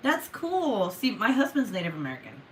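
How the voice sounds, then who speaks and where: A woman's voice: fairly low pitch, measured pace, fairly bright tone, a little hiss or hum, rough recording. A woman with a Mexican Spanish accent, a native Spanish speaker, hosting a casual livestream chat and reading out viewer comments in a chatty, profane way, with lots of "like" and "um". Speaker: livestream host.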